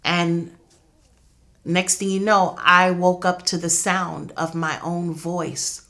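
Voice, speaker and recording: Brief: young adult woman, grieving mother, earnest and intense, bright voice, tells her story as an interview guest. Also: fairly low pitch, little pitch movement, slow. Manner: earnest, intense, reenacts dialogue. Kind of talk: emotional personal testimony.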